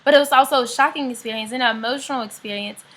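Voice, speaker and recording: Young woman, upbeat rambling vlogger, crisp bright tone, fillers throughout. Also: fairly high pitch, racing. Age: young adult. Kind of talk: casual vlog chat.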